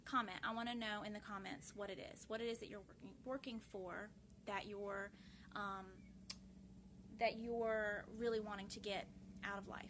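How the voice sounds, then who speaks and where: At a normal pace, a woman talks in a steady, medium-pitched voice that's a bit bright, with slight background noise. She's the host of a grief support live video, speaking earnestly and casually to viewers, full of fillers and restarts.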